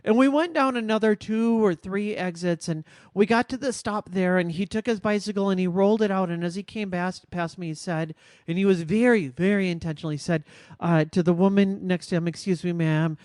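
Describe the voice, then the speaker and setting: A woman co-hosting a podcast, telling a personal story in a measured, reflective, earnest way. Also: mid-range voice, darkish tone, dry recording, clean studio sound. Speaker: podcast co-host. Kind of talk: casual podcast conversation.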